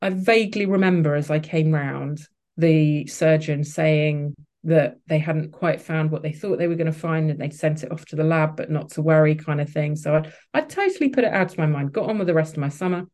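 A woman's voice: sits low, fairly quick, a little mellow. A woman, a podcast guest, telling a personal story candidly, with frequent restarts and fillers. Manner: open, emotional, many restarts and fillers.

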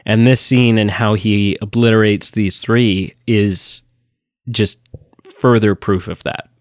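A man's voice: on the low side, takes it slowly, no room sound, studio quality. A man co-hosting a podcast, talking enthusiastically and emphatically in a casual review chat. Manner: enthusiastic, emphatic, animated retelling. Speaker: podcast co-host.

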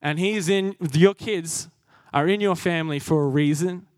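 A man's voice: on the high side, moderate pace, no echo, clean studio sound. A young man preaching a sermon, earnest and self-deprecating, laughing at himself as he goes.

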